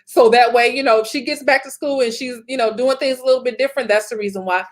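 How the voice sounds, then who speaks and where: A woman's voice: on the high side, fast. A woman in her thirties giving a motivational talk as a business coach, emphatic, repeating phrases and laughing often.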